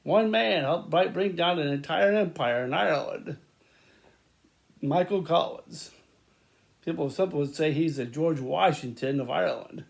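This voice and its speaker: A man talking in a rambling, casual monologue to his viewers, repeating words, restarting sentences and breaking into loud laughter. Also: fairly high pitch, unhurried, vocal fry, long pauses. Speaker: vlogger.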